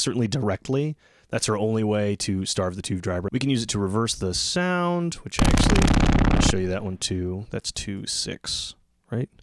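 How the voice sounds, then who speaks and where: A man casually demonstrating synthesizer modules as the host of his own channel. He explains in a relaxed, loose way, often restarting his sentences. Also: on the low side, slight background noise. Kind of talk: casual hands-on gear demonstration.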